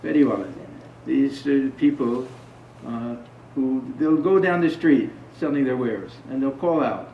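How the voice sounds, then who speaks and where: His mid-range voice carries vocal fry as he talks a little slowly, barely pausing, with slight background noise. In a casual spiritual talk to a few people, he tells stories and asks his listeners questions. The audio is dull and distant, as if recorded in a large room.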